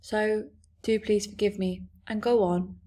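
A woman's voice: medium pitch, little pitch movement, measured pace, mellow, lightly acted. A woman voicing a curious, polite young girl asking eager questions.

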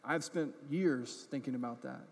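Speaking at a medium pitch and normal speed in a gravelly voice, a male pastor and adult parent preaches a conversational sermon built around a personal story. He keeps checking in with the congregation with "right?" and "okay?", makes fun of himself, and grows animated when things get funny. The sanctuary recording has church hall reverb.

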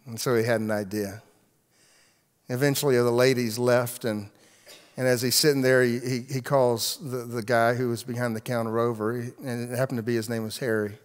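A man preaching from the pulpit, telling a story and slipping into the voices of its people. He restarts his phrases now and then, and his mid-pitched voice carries a long hall reverb. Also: fairly quick. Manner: animated storyteller acting out voices, with repeated restarts. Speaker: pastor. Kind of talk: sermon storytelling.

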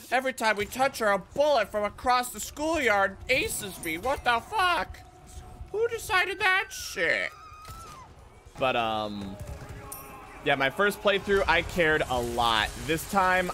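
A man streams a video game, joking and swearing through casual commentary and breaking into sudden high-pitched outbursts. He is very animated yet unhurried, with a pushed, bright voice and slight background noise.

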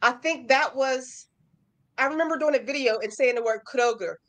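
A woman's voice: high voice, moderate pace, fairly bright tone. A woman hosting a casual livestream chat about crochet, reading out viewer comments in a bubbly way. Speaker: host.

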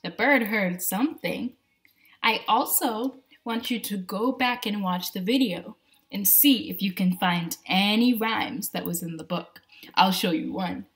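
A woman teacher reading a picture book aloud to her class from home, animated and talking to the children as friends. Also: medium pitch, measured pace.

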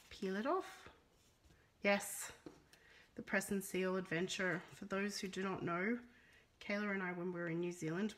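A woman's voice: on the low side, slight background noise. A middle-aged Australian woman chatting casually through a live papercraft demo, reading out viewer comments as she works. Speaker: papercraft demonstrator. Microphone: phone.

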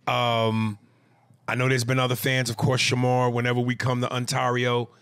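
Animated man reading fan email. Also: moderate pace, clean tone, no room sound. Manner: animated, swings into loud high-pitched bits and laughs. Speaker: podcast co-host. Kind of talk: casual podcast chat, reading fan email aloud.

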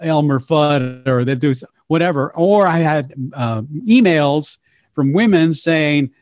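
Older male storyteller, animated and playful, raised pitch, dull lo-fi dry sound. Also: unhurried. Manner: lively, slips into character voices. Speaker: voice actor and impressionist guest.

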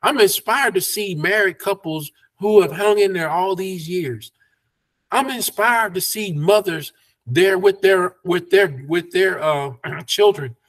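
A man's voice: sits high, unhurried, a bit bright. A man, a pastor teaching a Bible study over a video call in a folksy, preacherly way. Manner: preacherly, folksy, laughs between points.

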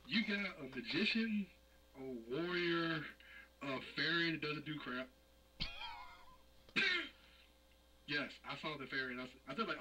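A man's voice: a little high, unhurried, long pauses, distant mic, noisy background. A man co-hosting a casual gameplay chat, joking and laughing, throwing in playful exclamations. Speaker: co-host of a game video.

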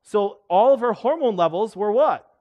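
On a muffled recording, a middle-aged chiropractor with a high voice lectures a live seminar audience on health at a moderate pace. Animated throughout, he repeatedly poses questions to the room.

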